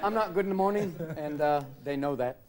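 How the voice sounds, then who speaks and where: A man on a TV talk show telling comic stories and switching rapidly into put-on voices, with studio audience laughter around him. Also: a little high, a little mellow. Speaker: talk show guest, comedian.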